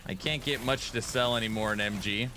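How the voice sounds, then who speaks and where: A man's voice: on the low side, fairly quick, background noise. A man streaming a video game, bantering playfully and defensively with his chat. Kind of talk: casual gaming stream chat.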